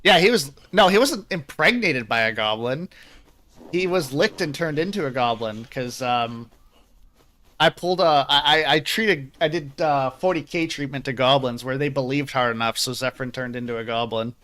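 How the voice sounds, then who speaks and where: A man's voice: mid-range voice, normal speed, pushed and bright. A man streaming a game and chatting casually, rambling and self-deprecating, swearing freely. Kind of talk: casual chat.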